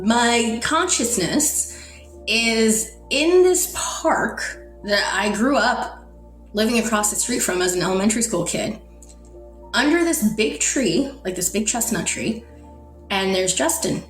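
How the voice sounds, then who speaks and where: Woman from the Netherlands, animated storyteller, acts out dialogue, echoey room, faint music underneath. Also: on the high side, measured pace. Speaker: podcast guest. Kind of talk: personal storytelling. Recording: roomy echo, faint music.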